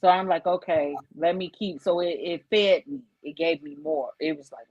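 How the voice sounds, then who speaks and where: Woman guest, emotional and animated, lowish voice, lo-fi stream audio. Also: moderate pace, no echo. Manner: emotional storytelling, animated quoting of others. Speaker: guest, founder of inclusion nonprofit. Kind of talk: casual live-stream interview.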